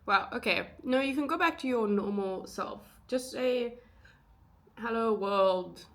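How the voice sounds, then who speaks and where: A woman's voice: fairly high pitch, animated, moderate pace, fairly bright tone. A young woman vlogging in a casual, chatty way, thinking aloud with fillers and side remarks. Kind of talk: casual vlog chat.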